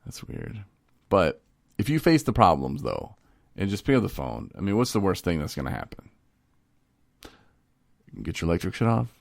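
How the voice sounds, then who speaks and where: A man with a deep, gravelly voice chats casually on a podcast. He talks in a rambling way and laughs as he tells his stories. The sound is close and dry. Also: very animated, normal speed, long pauses, dry recording. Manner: rambling, laughing storyteller acting out phone calls. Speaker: podcast co-host. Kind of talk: casual chat.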